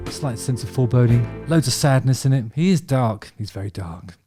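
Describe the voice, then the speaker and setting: A man's voice: mid-range voice, expressive, brisk, dark tone, soft background music. A man chatting casually about favourite songs, rambling and enthusiastic, with many ums and restarts. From England. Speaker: vlog host talking about music.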